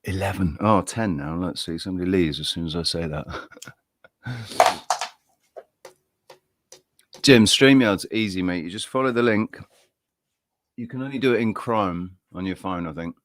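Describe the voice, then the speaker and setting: Friendly, rambling stream host, English man with a low voice and dry sound. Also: unhurried, pauses often, fairly bright tone, no room sound. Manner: rambling, friendly, greets viewers by name. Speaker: livestream host. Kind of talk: casual live-stream chat.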